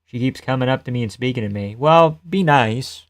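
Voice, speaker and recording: A man's voice: mid-range voice, lively intonation, normal speed. Joking, profane male streamer. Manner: loose, joking, profane, laughs often. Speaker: live streamer. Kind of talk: casual live fight commentary and chat reading.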